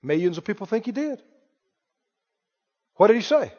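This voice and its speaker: A man's voice: high voice, very animated, normal speed, a little mellow. A man preaching a sermon, emphatic, firing questions at the congregation. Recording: muffled hall recording with long reverb.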